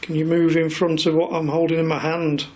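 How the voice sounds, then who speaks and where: A man investigating alone in a pub cellar, calling out to spirits in a coaxing, hushed way while filming himself. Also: on the high side, little pitch movement, a little fast, slight background noise, low-quality recording. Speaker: paranormal investigator. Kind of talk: solo ghost-hunt narration. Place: pub cellar with beer kegs. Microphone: self-filmed camera mic.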